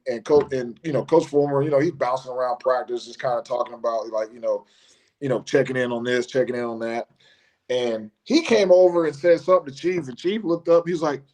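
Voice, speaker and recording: A man, a former college football player telling casual stories as a guest on a live show, often restarting and laughing. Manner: animated storyteller who mimics his coach in a high voice, laughs often, many restarts.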